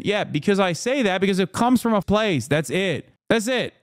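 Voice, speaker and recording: A man's voice: high-pitched, expressive, normal speed, few pauses, no echo, studio quality. A man streaming live, reading the news aloud and reacting to it in heated, profane, incredulous rants. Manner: reads news articles aloud between remarks. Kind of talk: livestream reaction commentary.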